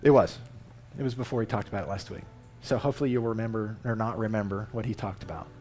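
A man preaching a sermon in a conversational, emphatic way, reading Scripture aloud with animated inflection. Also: lowish voice, fast talker, soft background music. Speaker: lay preacher. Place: church.

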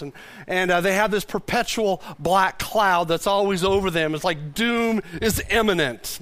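In a high-pitched voice with no echo, a male pastor preaches to his congregation. His delivery is conversational and animated, and he often repeats words as he goes.

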